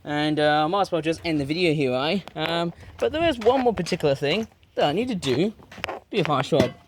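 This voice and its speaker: A man's voice: a little high, expressive, fairly quick, a little hiss or hum. A man talking casually and chattily to viewers as he weeds his backyard garden, recording outdoors on a tablet. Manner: chatty, exclamatory, playful word choices. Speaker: gardening vlogger. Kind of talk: casual rambling commentary. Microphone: tablet camera.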